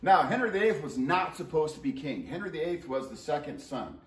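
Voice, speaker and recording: A man teaches history in a loose, conversational lesson shared with a colleague, and his voice rises and falls with animated, joking energy. He sounds set back from the microphone, and the room around him rings noticeably. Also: a little high, brisk, slight background noise. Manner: animated and joking, playful asides. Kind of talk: casual co-taught history lesson. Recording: roomy sound, mic at a distance.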